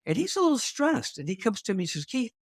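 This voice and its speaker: An older man, a podcast host, telling a personal fight story in an animated way and acting out the scenes. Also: high voice, fast talker, gravelly, no echo, studio quality.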